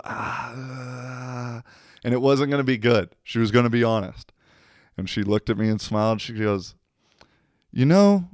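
Smooth low-voiced man telling a rambling story. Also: dry recording, clean studio sound. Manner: rambling, laughs often, swears casually. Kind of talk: casual storytelling monologue.

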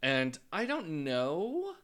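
A man's voice: on the high side, wildly swooping pitch, extremely slow, a bit bright. A man casually recapping a TV show with a co-host in a playful, teasing way. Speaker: podcast co-host.

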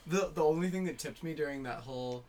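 A young Australian woman chatting casually, joking and swearing freely, with bursts of loud laughter. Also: sits low, fast talker, slight background noise. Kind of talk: casual chat.

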